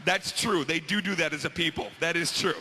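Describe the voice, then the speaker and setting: Bright-voiced man ranting on stage. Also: a little high, brisk, in a large hall, slight background noise. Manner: crude, exasperated observational storytelling. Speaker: stand-up comedian. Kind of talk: stand-up comedy set.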